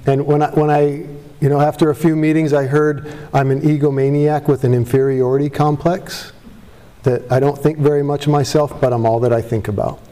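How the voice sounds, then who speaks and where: Speaking briskly with a warm but flat delivery, this man has a voice on the high side. At a recovery meeting before a live audience, he is candid and self-deprecating, rambling with restarts as emotion cracks his voice.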